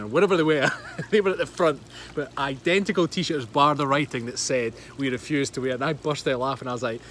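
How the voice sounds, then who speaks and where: A man's voice: mid-range voice, fairly bright tone, slight background noise. A man in his thirties with a Scottish accent, chatting casually on a livestream, laughing often and reading out viewer comments. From Scotland. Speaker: livestream host. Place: outdoors by a pool.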